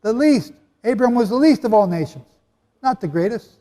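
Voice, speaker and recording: Male preacher, high pitch, animated conversational sermon, long hall reverb. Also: moderate pace. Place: hall with a live audience.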